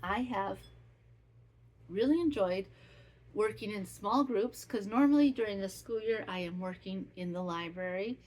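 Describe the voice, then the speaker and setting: A woman's voice: mid-range voice, measured pace, a little mellow. A woman hosting a podcast who chats casually in a rambling, heartfelt way. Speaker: podcast host. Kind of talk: casual chat.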